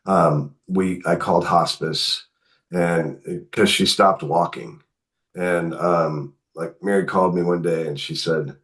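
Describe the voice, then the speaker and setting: Middle-aged guy with a real low voice, chatty storyteller, does the voices when he quotes folks. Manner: animated, acts out quotes in his telling. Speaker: guest author. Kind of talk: conversational storytelling.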